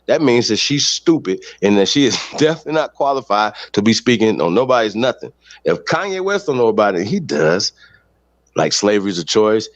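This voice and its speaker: Man, low voice, blunt profane rant, dry dull lo-fi sound. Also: no room sound. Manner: ranting, blunt, confrontational. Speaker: podcast host. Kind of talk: heated profane commentary.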